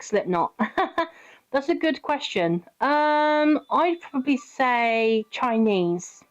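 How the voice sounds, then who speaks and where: British woman, game streamer, chatty and giggly, higher voice, dull lo-fi mic. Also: animated, slow. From Britain. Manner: chatty, giggly, talks to chat by name. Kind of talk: casual live-stream chat with viewers.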